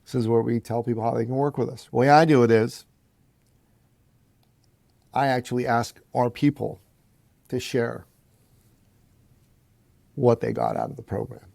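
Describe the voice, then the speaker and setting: Speaking at a moderate pace with a creaky voice and long pauses, this podcast guest recounts something from his own life on a recording with no echo. He addresses the listener as "brother" and animates quoted voices with big pitch leaps.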